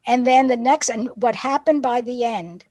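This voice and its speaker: Animated woman teacher trainer, fairly high voice. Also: moderate pace, no echo. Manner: lively storyteller who acts out classroom dialogue. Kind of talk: professional development talk with classroom anecdotes.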